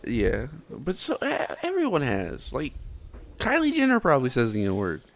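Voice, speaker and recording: A male podcast co-host in casual chat, laughing often and defending himself with jokes. His voice swings widely in pitch and has a gravelly edge, with faint noise behind. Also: huge pitch swings, moderate pace.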